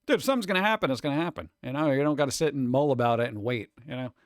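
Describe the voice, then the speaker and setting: A man's voice: medium pitch, animated, very fast, dry recording, studio quality. A man streaming live, chatting casually and reading chat messages, rambling and joking with a sarcastic edge.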